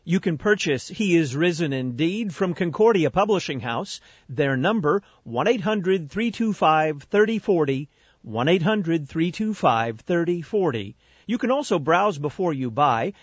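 A man hosting a radio talk show, reading ads and interviewing a guest in a clear, measured announcer manner. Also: on the high side, expressive, dry recording. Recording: muffled lo-fi radio broadcast.

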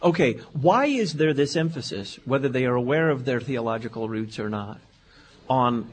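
A man's voice: medium pitch, animated, normal speed. A man hosting a theology talk show, asking long framing questions with hesitant fillers. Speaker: host. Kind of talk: interviewer casual chat.

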